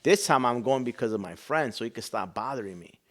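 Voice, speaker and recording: Animated storytelling man, hushed asides. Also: medium pitch, a little fast. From Chicago, USA. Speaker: guest, business owner and pastor. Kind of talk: personal storytelling in a podcast interview.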